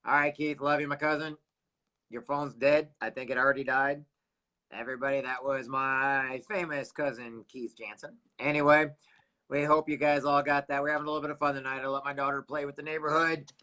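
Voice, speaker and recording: A man's voice: mid-range voice, flat delivery, a little fast, pushed and bright. A middle-aged man hosting a casual livestream, rambling and chatty, often losing his train of thought. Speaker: livestream host.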